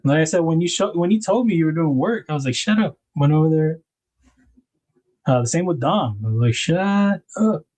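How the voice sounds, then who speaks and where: A man's voice: on the high side, fairly quick, mellow. A man hosting a casual livestream, rambling about knife design and greeting viewers in the chat by name.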